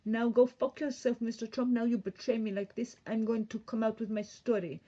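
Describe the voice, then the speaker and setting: A woman's voice: on the high side, fairly even intonation, moderate pace, dark tone, lightly acted. A woman voicing a brash, scorned woman with a put-on Russian accent, taunting and mocking. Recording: dull lo-fi stream audio.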